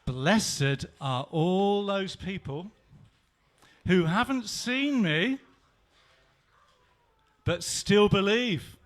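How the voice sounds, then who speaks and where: A man preaching, voicing a calm, gentle Jesus in a soft, slowed, lower voice. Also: exaggerated voice.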